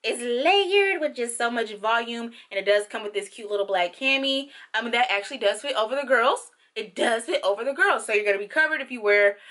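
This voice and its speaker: A young woman chatting casually through a clothing try-on haul, playful and slangy, with sudden high squeals of excitement. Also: a little fast, few pauses. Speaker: fashion vlogger.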